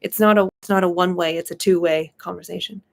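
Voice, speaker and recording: A woman's voice: fairly low pitch, fairly even intonation, quick pace, gravelly. A woman psychic medium chatting casually on a live stream, giggly and full of fillers. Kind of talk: live-stream reading chat.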